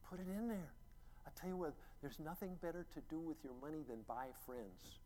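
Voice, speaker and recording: A middle-aged man, a pastor, preaching a sermon as a story, acting out quotes and building to loud, emphatic peaks. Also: a little high, fast talker. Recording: long reverb, faint ambient noise.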